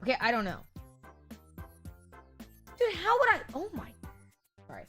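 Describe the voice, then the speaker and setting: A woman's voice: high voice, huge pitch swings, measured pace, pauses often, bright, forceful tone, faint music behind. Giggly woman streamer chatting. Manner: giggly, rambling, sarcastic. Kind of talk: casual live-stream chat.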